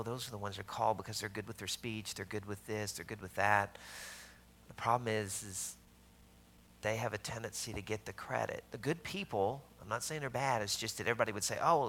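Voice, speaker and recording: Gravelly-voiced man preaching with bursts of emphasis. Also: lowish voice, slight background noise. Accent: Southern US. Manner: storytelling, shifts between loud emphasis and hushed asides. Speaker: pastor. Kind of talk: sermon.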